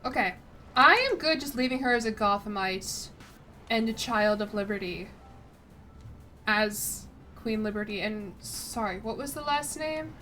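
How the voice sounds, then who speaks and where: With a measured pace and an expressive, pushed, bright mid-range voice, a woman streams a strategy game over faint music. In casual gameplay commentary she reads the game text, trips on words, swears, and makes chatty asides full of "like".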